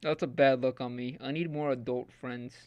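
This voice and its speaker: A man's voice: mid-range voice, fairly even intonation, normal speed, smooth, dry recording, dull audio. A young man streaming live, ranting in an exasperated, joking way and swearing heavily while his setup fails. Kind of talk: casual live-stream rant.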